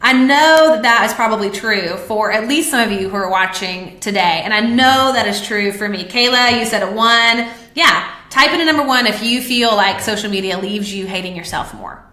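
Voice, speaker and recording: A woman podcast host speaks at normal speed in a mid-range voice that is bright and forceful, in an echoey room. She's live-streaming through a webcam or phone, talking candidly and confessionally to viewers with plenty of fillers.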